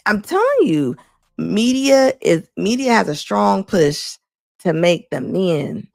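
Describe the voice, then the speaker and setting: Blunt gravelly woman commentator. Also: mid-range voice, very animated, slow pace, a little mellow, dry recording, studio quality, faint music behind. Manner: blunt, emphatic, repeats lines for effect. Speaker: commentary host. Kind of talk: casual reaction commentary.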